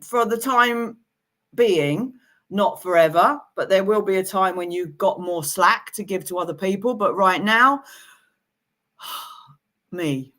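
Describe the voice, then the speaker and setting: Speaking slowly and leaving long pauses, a woman with a medium-pitched voice gives a live-streamed tarot reading. Her manner is chatty and giggly; she cracks herself up and reassures viewers with warm advice.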